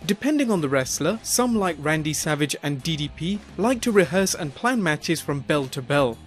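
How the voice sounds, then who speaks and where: A man narrates a numbered countdown in a steady, explanatory voice-over. His voice sits a little higher than average. Faint music plays quietly beneath him. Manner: measured, reads numbered entries in an even explanatory tone. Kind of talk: scripted narration.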